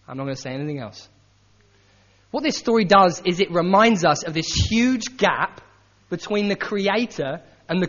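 A man preaching a sermon in a conversational, animated way, acting out the quotes he tells. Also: high-pitched. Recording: dull sound with long hall reverb.

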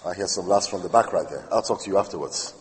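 A man's voice: low voice, fast, heavy background noise. A man preaching a sermon as a minister, chatting with asides to his congregation. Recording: echoey hall with long reverb.

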